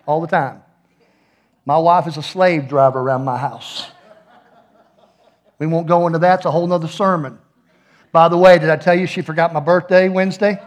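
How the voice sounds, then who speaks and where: A man's voice: fairly high pitch, fairly even intonation, moderate pace, long pauses. A middle-aged man, preaching a sermon as pastor in a folksy, joking way with playful asides.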